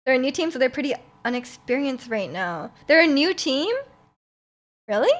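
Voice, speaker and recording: Young woman streamer, high and bright, giggly, loose casual chat with the audience. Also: lively intonation, normal speed. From Canada. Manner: giggly, chatty, reads and answers chat aloud. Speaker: livestreamer.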